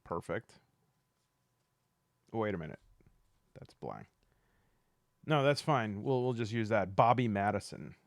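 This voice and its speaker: A man with a Southern US accent playing a solo tabletop game aloud, relaxed and thinking aloud as he goes. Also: on the low side, slow pace, gravelly, pauses often, dry recording, studio quality.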